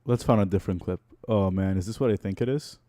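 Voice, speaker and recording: A man's voice: low-pitched, quick pace, dark tone. A man streaming casually, reacting to old clips of himself, exasperated and swearing. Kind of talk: casual livestream chat.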